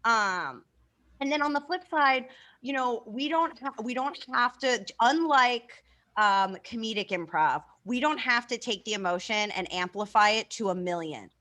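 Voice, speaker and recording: An enthusiastic woman improv teacher giving feedback over a video call. She talks casually and swears freely, with a slightly high voice. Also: expressive, unhurried, pushed and bright. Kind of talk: class feedback.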